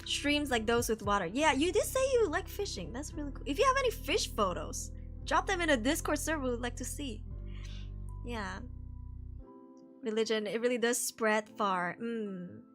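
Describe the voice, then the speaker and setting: A woman's voice: on the high side, big pitch swings, moderate pace, a bit bright, faint music behind. A woman from Malaysia with a Malaysian English accent, chatting casually on a live stream, reading out chat messages and answering them.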